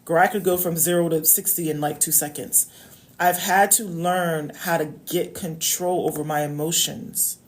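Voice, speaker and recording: Chatty woman coach with a low voice. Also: steady tone, normal speed. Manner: warm, chatty, often checks in with "okay?"; repeats key phrases for emphasis. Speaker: love coach. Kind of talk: casual direct-to-camera advice talk.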